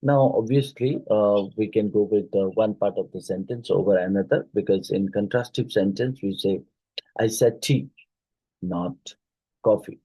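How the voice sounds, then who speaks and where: A man's voice: on the low side, moderate pace, few pauses, dark tone, slightly rough, dry recording, poor audio. A man from India with Odia-influenced English, teaching a phonetics exam-prep lesson and explaining with many fillers and checks like "isn't it".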